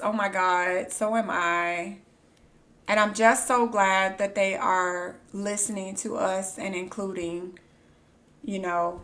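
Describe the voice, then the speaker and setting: An excitable woman streaming a game live, taking her time as she reads on-screen text aloud. Her speech is unhurried, then jumps into loud, delighted squeals. Her pitch sits at an ordinary middle level. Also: gravelly. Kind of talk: live gameplay commentary.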